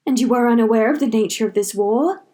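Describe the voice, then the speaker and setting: A woman's voice: a little high, quick pace, dark tone, close to an everyday voice. A woman doing a hissing, masked shadow warlord. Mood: cold. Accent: foreign-sounding put-on accent. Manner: hissing, sinister. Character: menacing masked male shadow warlord, smug and cold. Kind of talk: audiobook fanfiction reading.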